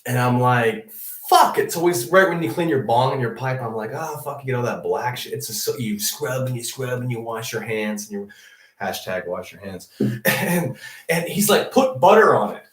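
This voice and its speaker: Young male host, animated swearing storyteller, lively pitch swings, roomy distant sound. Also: moderate pace. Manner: profane, laughing, animated storytelling. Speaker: comedic news show host. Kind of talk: rambling comedic monologue. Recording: echoey room, distant mic.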